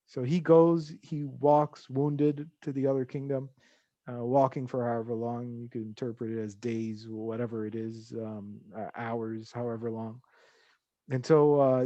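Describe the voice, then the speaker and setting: A man telling a parable as a podcast guest, halting with frequent fillers and restarts. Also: medium pitch, warm tone, no echo, lo-fi sound. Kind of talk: storytelling in casual chat.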